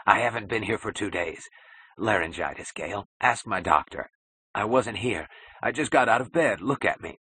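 A male narrator voicing a feverish, panicked male newspaper editor in a cracked, hoarse whisper. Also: fairly low pitch, expressive, normal speed, pushed and bright, no echo, heavily acted. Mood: pleading.

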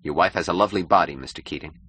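A man voicing a cynical, powerful male publisher who speaks gravely and with smooth mockery in an audiobook. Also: deep voice, very fast, pushed and bright, a little hiss or hum. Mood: mocking.

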